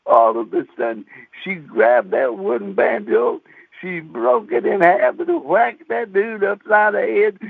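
A man, a radio preacher telling a folksy, animated story as a sermon and mimicking banjo twangs. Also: sits high, gravelly, no echo. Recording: tinny phone-like dry radio sound.

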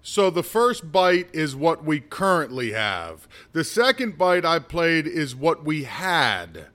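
A man's voice: fairly high pitch, big pitch swings, takes it slowly, a bit bright. A man hosting a political commentary show, talking casually in a sarcastic, mocking way.

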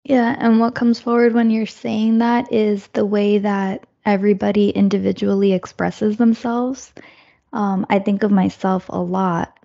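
Gravelly, mellow-voiced woman in conversation. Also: mid-range voice, a little slow, highs cut off. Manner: thoughtful, says she speaks in a monotone. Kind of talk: reflective casual conversation.

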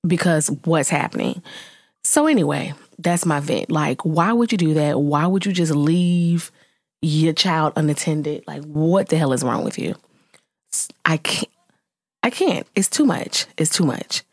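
Woman in her 30s, vlogger mom; low, husky voice, lively and exasperated, dry close mic. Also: measured pace, dry recording. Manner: animated, exasperated, swings into high exclamations. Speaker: vlogger, mother. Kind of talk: casual storytelling vent to viewers.

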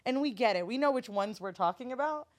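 A woman's voice: on the high side, lively intonation, quick pace. A woman from Florida, a podcast guest and studio owner, telling stories in casual conversation with blunt, profane humor and acted-out quotes. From Florida, USA.

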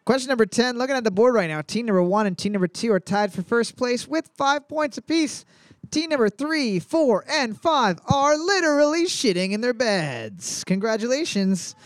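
A man's voice: extremely high pitch, moderate pace, clear, resonant tone, no echo. Man hosting a crude bar trivia night. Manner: crude deadpan jokes between questions. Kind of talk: live bar trivia hosting with comic banter.

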